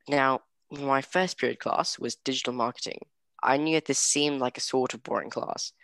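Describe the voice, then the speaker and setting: A teenage guy chatting on a podcast in a put-on British accent, his voice a little gravelly with fry. He rambles playfully with lots of fillers and boasts about himself. The sound is dry and close. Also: medium pitch, a bit bright, no echo. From United States. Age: teens. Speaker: podcast co-host. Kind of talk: casual podcast chat.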